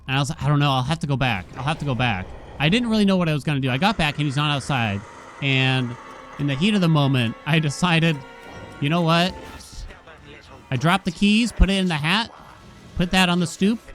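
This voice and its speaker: A man streaming a game, chatting casually and telling an animated story with sudden exclamations. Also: fairly high pitch. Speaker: gaming streamer. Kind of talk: casual gameplay commentary with storytelling.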